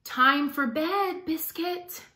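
A woman voicing a grown-up from a storybook who slowly and gently coaxes a puppy to bed. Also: sits high, roomy sound, voice pushed up, full character voice. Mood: coaxing.

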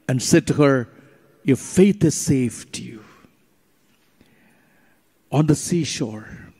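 A middle-aged man, a priest, preaching slowly and emphatically during Eucharistic adoration, with long pauses between phrases. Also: medium pitch, animated, dark tone, breathy edge. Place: church or retreat chapel. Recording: long hall reverb.

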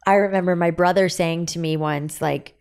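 A woman's voice: lowish voice, steady tone, normal speed, gravelly, a little mellow, clean tone. A woman in her forties speaking candidly as a podcast guest, telling stories animatedly and acting out quoted dialogue. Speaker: guest, business founder.

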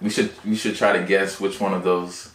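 A man hosting a casual reaction chat, slangy and loud with his exclamations. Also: deep voice, little pitch movement, moderate pace, roomy sound, far from the mic, a little hiss or hum. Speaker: reaction channel host.

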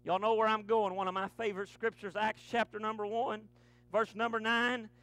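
A man, preaching a fervent sermon to his church, punctuating lines with breathy "uh"s. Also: high voice, flat delivery, moderate pace. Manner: fervent preaching with rising, shouted runs and many "uh" breaths. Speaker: pastor. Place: church sanctuary.

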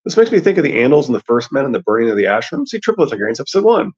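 Male reader, husky gravelly voice, lively dramatic reading, dull recording. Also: medium pitch, racing. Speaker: audiobook reader and theory commentator. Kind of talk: reading aloud a novel with commentary.

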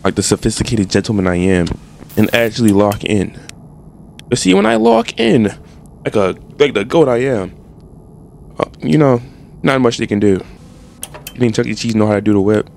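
Gravelly young man, animated slangy game commentary. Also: medium pitch, moderate pace, pauses often, a little hiss or hum. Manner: animated, trash-talking, slangy. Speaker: gaming streamer. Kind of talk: casual gameplay commentary.

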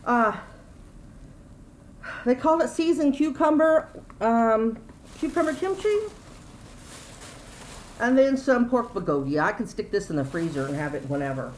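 Middle-aged woman, folksy rambling haul vlog, slightly high voice, faint room noise. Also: animated, unhurried, long pauses, rough recording. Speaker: YouTube vlogger. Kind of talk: casual grocery haul vlog.

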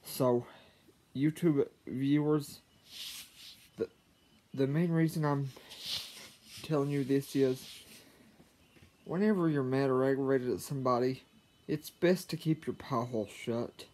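A man telling a personal story to his viewers, halting, with frequent stammers and restarts. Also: mid-range voice, warm tone. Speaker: vlogger. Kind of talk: casual storytelling to camera.

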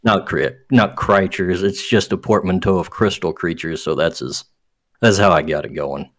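A man speaking as a guest game designer in a casual interview, relaxed and offhand. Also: deep voice, moderate pace.

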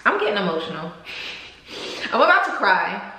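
A woman's voice: medium pitch, big pitch swings, moderate pace, pushed and bright. A young woman vlogger chatting casually and gushingly to camera while unboxing gifts, saying "like" and "y'all" a lot. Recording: echoey room with faint noise.

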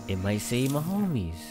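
A young man giving casual let's-play commentary, bantering loudly with slang and swearing as he plays. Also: medium pitch. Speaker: gamer commentator. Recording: game music behind.

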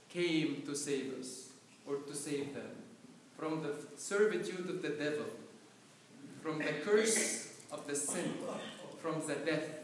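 A man preaching a sermon in a church, telling a story slowly and building up to loud cries. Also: a little high, a little hiss or hum. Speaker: priest. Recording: echoey live church recording from far off.

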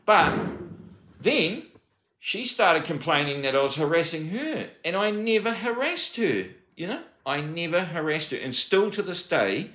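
A man tells his personal story in an agitated, rambling way, breaking off and starting sentences again. His voice is fairly high and bright. The sound is roomy, with a noticeable echo. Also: sing-song, measured pace. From New Zealand. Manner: agitated, rambling, with frequent restarts and swearing.

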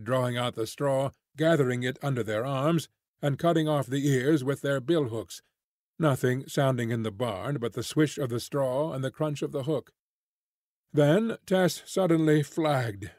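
A man's voice: medium pitch, a little mellow, dry recording. Man narrating an audiobook, dry sound. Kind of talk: scripted narration of a classic novel.

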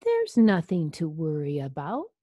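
A woman voicing a calm, kind female dentist who speaks soothingly in a storybook reading. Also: fairly low pitch, takes it slowly, breathy edge, no room sound, muffled recording, heavily acted. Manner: soothing, gentle.

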